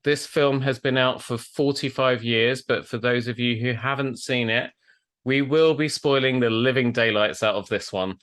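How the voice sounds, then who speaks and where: A man hosts a relaxed podcast over a video call. His voice sits in a middle register, and he talks in a chatty way and laughs easily between scripted bits. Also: mid-range voice, moderate pace. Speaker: podcast host and tailor. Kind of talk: casual podcast chat.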